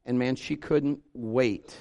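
A male pastor in his fifties preaching to his church, swinging from loud exhortation to quiet, intimate asides with humor. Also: mid-range voice, steady tone, slow pace, creaky. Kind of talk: sermon. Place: church sanctuary.

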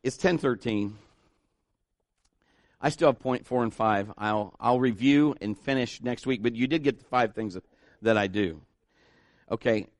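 A man preaching a sermon, telling a story in an animated way and acting out the voices of others. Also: mid-range voice, measured pace, pauses often, dry recording, clean studio sound. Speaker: pastor.

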